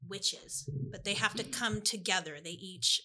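Giggly woman guest, bright voice, playful casual chat. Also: medium pitch, unhurried. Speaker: podcast guest.

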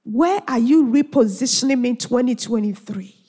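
Woman preacher, high voice, unhurried, emphatic questions, church hall reverb. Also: mellow, husky. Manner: earnest, emphatic rhetorical questions. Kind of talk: sermon.

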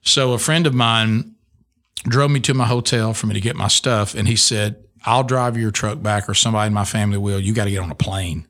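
A man's voice: lowish voice, a little fast, fairly bright tone. A middle-aged man, a radio host telling an emotional personal testimony in an earnest way, full of restarts. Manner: earnest storytelling with many restarts.

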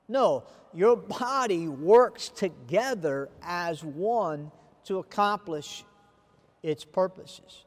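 A man preaching a sermon to viewers, with a deliberate, emphatic delivery. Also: sits high, big-room sound. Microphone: camera recording of a speaker addressing viewers.

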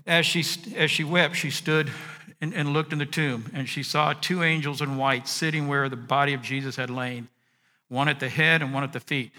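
Bright-voiced man preaching a sermon. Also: on the high side, moderate pace, in a large hall. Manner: expressive, swinging from hushed to emphatic. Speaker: pastor.

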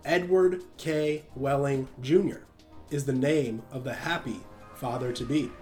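A man reading the part of a bitter young father who speaks tersely and flatly. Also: mid-range voice, measured pace, soft background music, natural voice. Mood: sullen. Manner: flat, terse.

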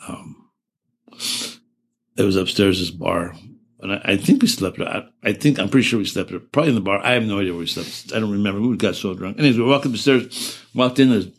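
A man in his seventies being interviewed, recalling events in a halting way with many restarts and self-corrections, earnest and emotional. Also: fairly low pitch, expressive, husky. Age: 70s. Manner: earnest and emotional while recounting. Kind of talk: oral-history interview recollection.

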